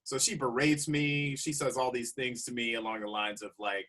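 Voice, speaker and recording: A man, a comedian guest, telling a road story in a casual, animated way with frequent laughs. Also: medium pitch, moderate pace, hardly any pauses.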